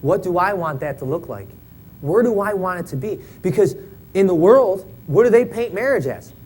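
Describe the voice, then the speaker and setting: A man's voice: high voice, animated, moderate pace, darkish tone, rough recording. Joking man preaching, always asking "right?". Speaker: church member preaching. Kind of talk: sermon. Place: church sanctuary.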